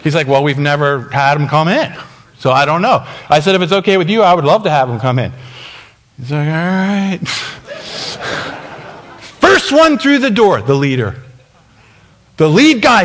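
A man preaching a sermon as pastor, telling a story and acting out the dialogue with laughs along the way. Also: high-pitched. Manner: animated, acts out dialogue with laughs. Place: church sanctuary.

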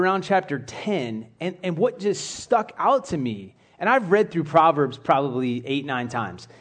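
A man giving a casual, conversational sermon to a church group, rambling a little with asides and restarts. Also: sits high. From United States. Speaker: church speaker.

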